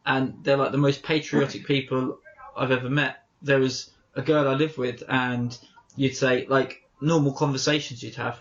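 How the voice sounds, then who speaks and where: On a lo-fi recording, an Englishman co-hosting a podcast chats at normal speed in a level, medium-pitched voice, rambling through stories and repeatedly correcting himself.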